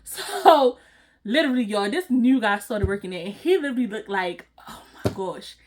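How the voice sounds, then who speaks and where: High-voiced woman telling a story, laughing. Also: normal speed, slight background noise. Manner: animated and slangy, laughing often. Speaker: storytime vlogger. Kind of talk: casual storytelling to viewers.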